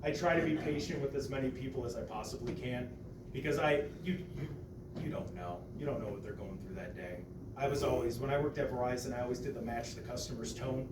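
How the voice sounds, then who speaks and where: Animated storyteller man in echoey room. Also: mid-range voice, quick pace. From Ohio, US. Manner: animated storyteller, acts out quotes loudly, swears casually. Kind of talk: casual podcast chat. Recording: echoey room, mic at a distance, background noise.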